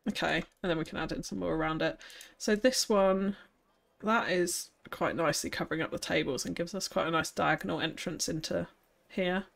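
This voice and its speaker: A woman's voice: lowish voice, steady tone, brisk, gravelly, fairly bright tone. A woman streaming a city-building game, chatting casually and thinking aloud, with frequent laughs. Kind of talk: casual live-stream commentary while building.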